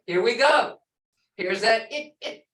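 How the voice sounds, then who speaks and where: A woman's voice: fairly high pitch, animated, slow, a bit bright. A woman language teacher in a classroom lesson, explaining words patiently and repeating phrases. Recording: echoey room, voice from far off.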